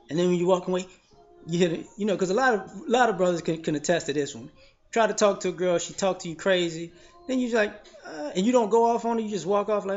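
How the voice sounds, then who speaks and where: A man giving a blunt, profane commentary monologue, telling stories in an animated way. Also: high voice, quick pace. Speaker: vlogger. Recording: slightly dull lo-fi audio.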